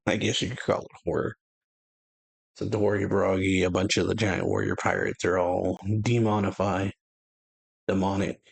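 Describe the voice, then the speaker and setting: A man hosting a reaction video, retelling and reading a comic chapter aloud in a halting way full of fillers. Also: low voice, lively intonation, vocal fry, slightly rough, dry recording. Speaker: channel host.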